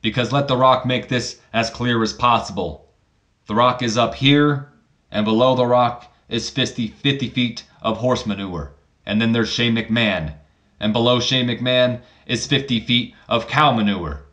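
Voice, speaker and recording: A man putting on a cocky wrestler who boasts in slow, drawn-out lines. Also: medium pitch, fairly bright tone, close to an everyday voice. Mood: arrogant. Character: cocky arrogant male wrestler talking in third person.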